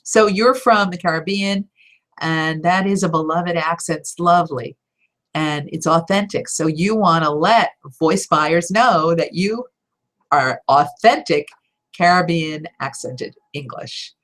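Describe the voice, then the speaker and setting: A woman voiceover coach answering viewer questions in a live Q&A, direct and encouraging, with emphatic stresses and quick laughs. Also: fairly low pitch, fairly bright tone. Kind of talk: live Q&A teaching talk.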